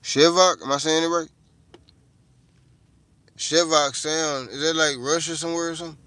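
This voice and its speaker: A man's voice: fairly high pitch, fairly even intonation, quick pace, sharp tone, no room sound. A middle-aged man, chatting casually and profanely with viewers on a livestream, rambling from one thought to the next. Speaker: livestream host.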